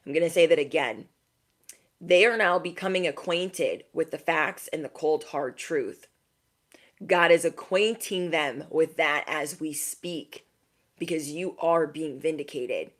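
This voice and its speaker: A young woman with a low-set voice speaks straight to her viewers in a spiritual pep talk. She is emphatic and full of slang, and keeps checking in with a pointed "okay?" as an intuitive reader.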